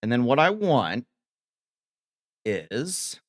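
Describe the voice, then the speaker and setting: A man from Ohio streaming live, rambling casually as he reads chat aloud and answers it with quick laughs. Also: medium pitch, sing-song, dry recording, studio quality.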